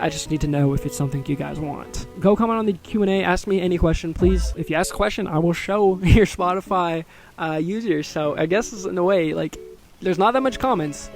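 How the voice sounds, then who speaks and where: A man's voice: on the high side, vocal fry. A young man hosting his own podcast, talking in a rambling, chatty and earnest way in a casual solo chat. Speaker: podcast host.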